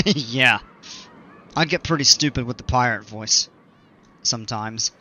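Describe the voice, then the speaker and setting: A man's voice: mid-range voice, moderate pace, sharp tone, highs cut off. A man giving casual gameplay commentary, rambling and self-mocking with many fillers. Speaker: game channel host.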